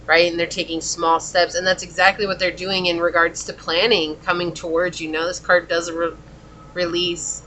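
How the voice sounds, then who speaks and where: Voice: medium pitch, steady tone, normal speed, sharp tone, a little hiss or hum, poor audio. A tarot reader giving a pick-a-card reading in a chatty, exclamatory way, calling out to spirit guides aloud.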